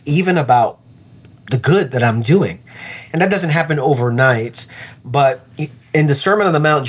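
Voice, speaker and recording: Reflective, earnest middle-aged man pastor. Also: a little high. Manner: reflective, earnest, slows down to stress points. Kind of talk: faith interview conversation.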